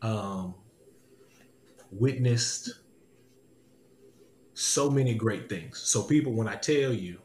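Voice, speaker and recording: A man with a lowish, darkish voice speaks slowly with long pauses, and a bit of hiss or hum is audible. As a podcast host in a casual testimony chat, he tells a personal story with animation, laughing often and repeating his lines, in an echoey room with faint ambience.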